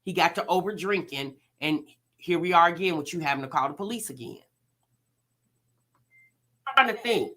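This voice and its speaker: A woman's voice: lowish voice, lively intonation, moderate pace, long pauses, a bit bright. A woman hosting a reaction vlog, talking casually to her viewers and firing off rhetorical questions. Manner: chatty, addresses viewers directly, rhetorical questions. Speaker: reaction channel host.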